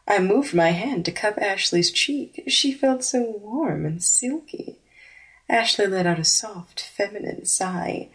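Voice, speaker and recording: A woman narrating a first-person audiobook in a smooth, unhurried read. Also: mid-range voice.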